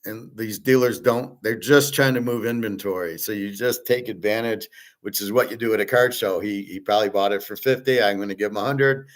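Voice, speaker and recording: A man's voice: fairly low pitch, fairly quick, poor audio. A middle-aged man hosting, talking in a blunt, opinionated, rambling way and swearing at times. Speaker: host. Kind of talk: casual rambling monologue.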